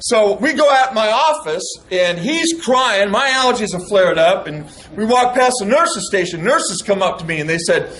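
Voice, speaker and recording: A middle-aged man giving an animated storytelling speech to an audience of veterans, acting out the dialogue he recounts. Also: sits high, moderate pace, hardly any pauses, a little hiss or hum, rough recording. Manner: animated, acts out quoted dialogue. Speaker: speaker addressing veterans.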